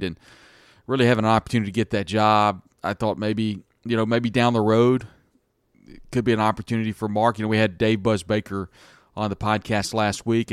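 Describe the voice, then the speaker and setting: A man's voice: fairly low pitch, clean tone, no room sound, studio quality. A man hosting a sports podcast, talking through a college football game in a casual, rambling monologue with frequent restarts. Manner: conversational, frequent restarts and hedges.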